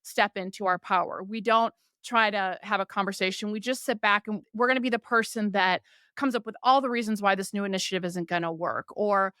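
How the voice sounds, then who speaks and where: A podcast host who is a woman talks through ideas in a smooth, medium-pitched voice. She is animated and slips into quoted complaints to make her points. The sound is close and dry, with no room around it. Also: brisk, dry recording. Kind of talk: explanatory conversational talk.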